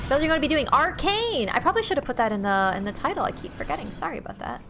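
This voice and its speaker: Brief: excitable woman game streamer, animated pitch, swears a lot, game sounds and noise behind. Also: rapid-fire. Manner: excitable, swears freely, laughs often. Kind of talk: casual gameplay commentary.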